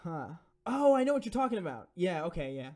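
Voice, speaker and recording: A man's voice: high-pitched, big pitch swings, brisk, darkish tone. A young man streaming, reading donation messages and answering viewer questions in a rambling, profane, filler-heavy way. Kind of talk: casual live-stream Q&A.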